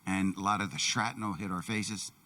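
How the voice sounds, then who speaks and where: A man giving a first-person testimony in a plain, measured way, in a church. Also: low-pitched, steady tone, sharp tone, recorded from a distance.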